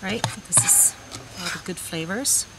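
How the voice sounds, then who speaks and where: A woman's voice: lowish voice, unhurried, gravelly, very noisy. A woman chef giving a cooking demonstration, talking unhurriedly with frequent fillers. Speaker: vegan chef.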